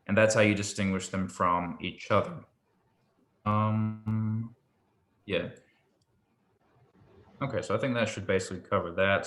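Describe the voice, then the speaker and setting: A man patiently tutoring a student in Hebrew pronunciation, relaxed and a little hesitant, with many ums. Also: fairly low pitch. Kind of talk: patient one-on-one language lesson. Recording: echoey room with faint ambience.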